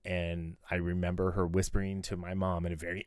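This podcast co-host speaks fairly quickly in a low, monotone voice that is clear and resonant, with clean studio sound and no echo. He chats casually, rambling with lots of fillers and restarts and frequent laughter.

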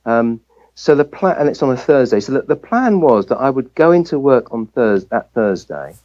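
A man's voice: medium pitch, sing-song, moderate pace, mellow, lo-fi sound. An English man, a family physician, telling a personal story as a guest in an interview, and acting out the voices he quotes. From England.

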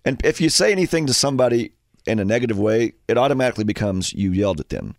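Animated male radio host, dry studio sound. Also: medium pitch, fast talker, no room sound. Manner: animated storyteller, acts out voices. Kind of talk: casual sports radio chat.

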